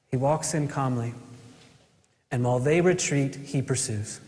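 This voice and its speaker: Earnest pastor preaching in a reverberant hall. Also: male voice, on the high side, expressive, a little mellow. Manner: earnest, rhetorical questions, dramatic pauses. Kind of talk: sermon.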